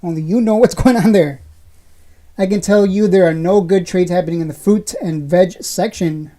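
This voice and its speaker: A lowish, warm-toned woman in her thirties speaks at normal speed while hosting a laid-back stream. She reads chat, pokes fun at viewers with foul-mouthed joking rants, and keeps laughing between lines.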